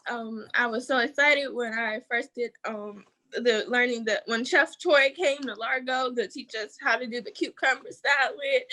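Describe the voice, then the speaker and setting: A young woman on a video call giving an emotional, halting thank-you speech, tearful and laughing through tears. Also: high voice, pushed and bright, poor audio. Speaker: scholarship winner.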